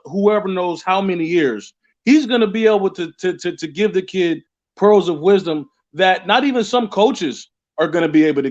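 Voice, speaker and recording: A man with a high-pitched voice talks casually as a caller, circling back on himself and repeating words as he goes. The audio is muffled and lo-fi. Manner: rambling, repeats words and restarts often. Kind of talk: casual call-in chat.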